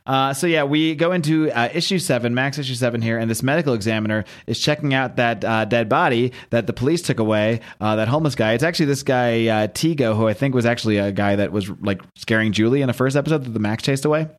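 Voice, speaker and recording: A man's voice: mid-range voice, fast talker, few pauses. Chatty man recapping comics. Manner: chatty, laughs at himself, acts out characters. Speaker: podcast host. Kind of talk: casual chat, comic book recap.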